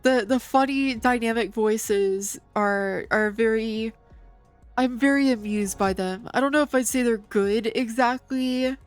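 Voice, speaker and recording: A woman's voice: fairly high pitch, measured pace, faint music behind. A woman streamer chatting casually and playfully while playing a game.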